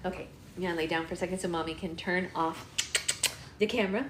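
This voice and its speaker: A woman's voice: lowish voice, fairly even intonation, quick pace, very noisy. A woman hosting a livestream, talking playful baby talk to an infant in a singsong, cooing way. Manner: singsong, exaggerated sweet cooing. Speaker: livestream book club host.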